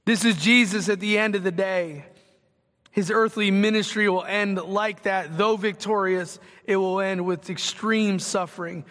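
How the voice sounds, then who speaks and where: A man preaching a sermon as pastor, talking in a conversational way with quick asides. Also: high-pitched, steady tone, fairly bright tone, long reverb tail.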